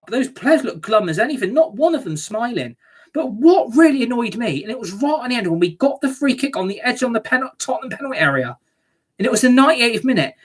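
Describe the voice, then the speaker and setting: A woman's voice: fairly high pitch, slightly rough. A woman ranting angrily as a football fan reacting to a match, sweary and scornful.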